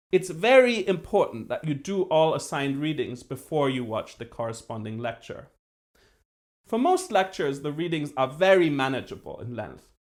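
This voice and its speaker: A man giving a university philosophy lecture as the professor, precise and lively, with dry self-deprecating humor. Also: fairly high pitch. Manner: acts out voices when telling a joke.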